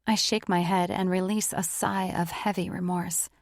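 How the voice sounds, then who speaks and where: A woman's voice: lowish voice, fairly even intonation, moderate pace, vocal fry, no room sound, studio quality. A woman narrating a romance audiobook in the first person, with an intimate, emotive reading.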